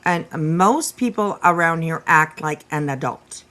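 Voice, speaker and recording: Bright-voiced woman ranting slowly. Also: low voice, lively intonation. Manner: profane, exasperated, laughs often. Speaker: host reacting to stream clips. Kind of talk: casual reaction commentary.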